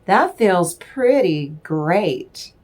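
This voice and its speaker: A woman giving a casual spiritual tarot reading, rambling and affectionate, stopping now and then to clear her throat. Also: lowish voice, big pitch swings, drawn-out words, a little mellow. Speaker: tarot reader.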